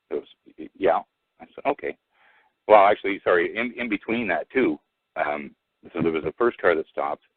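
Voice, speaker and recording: A man telling a rambling personal story over the phone, halting with many restarts and fillers. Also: low voice, husky, no room sound. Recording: tinny phone line, dry.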